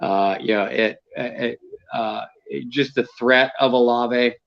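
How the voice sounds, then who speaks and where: A man co-hosting a casual sports talk show, speaking in a measured, analytical way with many fillers. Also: medium pitch, steady tone, gravelly, lo-fi sound. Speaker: co-host.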